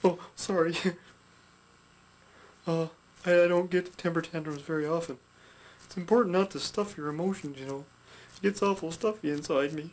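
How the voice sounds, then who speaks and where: A man voicing a gentle little heart puppet with an attitude, soft-spoken and sweet while teaching about puppet characters. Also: a little high, steady tone, moderate pace, long pauses, lightly acted. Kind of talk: puppet instruction skit.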